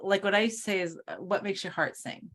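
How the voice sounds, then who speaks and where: A woman co-hosting a casual spiritual talk over a video call, chatty, full of fillers, and quick to laugh. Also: medium pitch, animated, a bit bright. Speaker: co-host.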